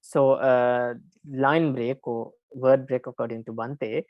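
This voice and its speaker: A woman teaching a class on Pali verse metre, explaining slowly with frequent pauses and restarts. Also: rumbling low, steady tone, no echo, dull audio. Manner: halting, many fillers and restarts, careful explaining.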